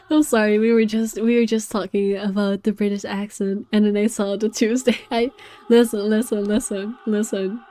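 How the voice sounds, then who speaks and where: Giggly streamer woman, mellow voice. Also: mid-range voice, level tone, moderate pace. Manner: giggly, self-mocking asides. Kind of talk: casual commentary while playing. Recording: faint game music behind.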